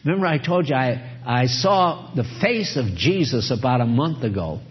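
A man's voice: medium pitch, animated, normal speed. A man preaching a sermon in an earnest, exhorting way, chuckling often as he talks. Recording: dull lo-fi recording.

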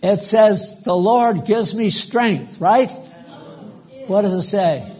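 A man's voice: sits high, slow pace, darkish tone. An older man preaching a live sermon, emphatic and rambling, stopping to quiz his congregation.

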